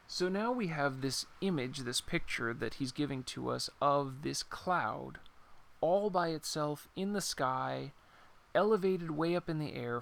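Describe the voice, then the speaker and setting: A man teaching a poem in an informal, unscripted lesson, pausing to think and reading verse lines slowly. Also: on the high side, creaky, a bit bright, slight background noise. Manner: unscripted, thinks aloud with pauses and apologies. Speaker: poetry teacher.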